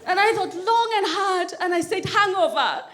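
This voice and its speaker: A woman from Kenya performs stand-up in an animated way, slipping into other people's voices. Her voice sits very high, and the live club recording carries clear room noise and audience laughter. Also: normal speed. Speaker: stand-up comedian. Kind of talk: stand-up comedy set. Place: comedy club stage before a laughing audience.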